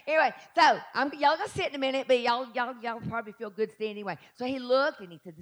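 A middle-aged woman with a Southern US accent, preaching a sermon and telling her story, building to shouted exhortation. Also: a little high, quick pace, hardly any pauses.

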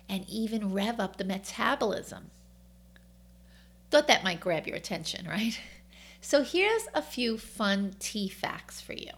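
A woman with a New York accent hosts a wellness talk at an ordinary middle pitch. She sounds upbeat and enthusiastic, with chatty asides between her scripted tips. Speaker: wellness author and host.

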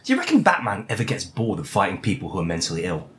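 A man's voice: sits low, huge pitch swings, racing, a bit bright, slight background noise. A man co-hosting a comedy podcast, asking playful questions and laughing often. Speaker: podcast co-host. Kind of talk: casual comedy chat.

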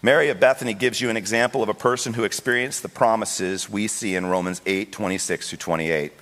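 A man preaching a sermon as pastor, telling a story with lively quoted voices. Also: fairly low pitch, fairly quick. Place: church sanctuary. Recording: long hall reverb.

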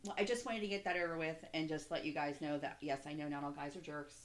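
A woman's voice: low voice, fairly even intonation, fast. Young woman cohost just chatting, rambly, lots of "like", swears a bunch. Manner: candid, swears freely, rambling with fillers. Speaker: podcast co-host. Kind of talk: casual chat.

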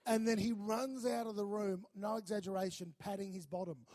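A man preaching a sermon, telling a lively story and acting out the voices in it. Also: sits high, moderate pace. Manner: animated, acts out voices in his stories. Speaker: pastor.

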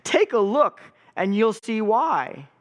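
A sulky, pouting fish voiced by a man sighs through a slow, sing-song refrain. The voice sits a touch high and keeps slipping from bright replies into a sunken, glum drawl, all in a storybook read-aloud manner. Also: very animated, full character voice. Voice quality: mopey sing-song chant, drawn-out refrain. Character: glum, gloomy male fish with a permanent pout.

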